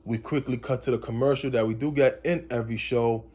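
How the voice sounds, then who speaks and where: Guy rambling through an episode recap, mid-pitch voice, keeps circling back on his theories. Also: steady tone, fairly quick, a little mellow, slightly rough. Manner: rambling, speculative, repeats phrases. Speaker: comics channel host.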